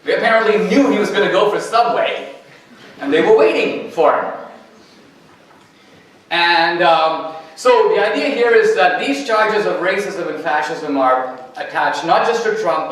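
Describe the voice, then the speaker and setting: A man's voice: high voice, expressive, measured pace, fairly bright tone. A man giving a campus talk as a guest speaker, telling anecdotes and acting out dialogue. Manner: anecdotal storytelling, quoting dialogue. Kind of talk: campus lecture. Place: university lecture hall. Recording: echoey hall, distant mic.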